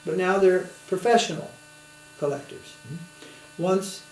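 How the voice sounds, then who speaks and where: A man's voice: high voice, steady tone, unhurried, darkish tone. A man, a swami, giving a spiritual lecture in a conversational storytelling manner, asking his listeners to follow along. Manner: conversational, anecdotal, with tag questions. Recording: roomy with faint hum.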